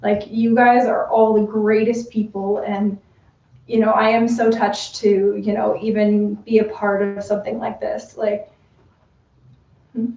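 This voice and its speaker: A woman's voice: medium pitch, flat delivery, a little slow, creaky, warm tone. A woman cosplay model chatting casually during a livestream photo shoot, giggly and full of fillers. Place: room with a bar. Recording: roomy, distant, dull livestream audio.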